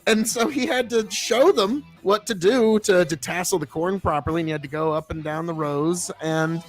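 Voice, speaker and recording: A man hosting a casual livestream as a farmer, rambling and swearing freely, easily excited. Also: high-pitched, moderate pace, faint music behind. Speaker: livestream host and seed farmer.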